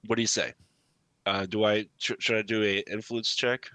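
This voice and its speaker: A man's voice: on the low side, little pitch movement, normal speed, bright, forceful tone, clean tone, no echo. A man playing a tabletop role-playing game, asking questions hesitantly with many restarts. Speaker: player.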